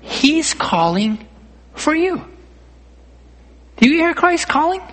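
A man's voice: extremely high pitch, sing-song, takes it slowly, fairly bright tone. A man preaching a sermon as pastor, earnest, often repeating himself and rising to emphatic calls. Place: church.

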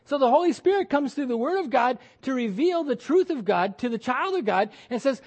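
A man's voice: very high-pitched, lively intonation, brisk, hardly any pauses, darkish tone. A male pastor preaching a sermon with emphatic delivery, repeating words and acting out quoted voices.

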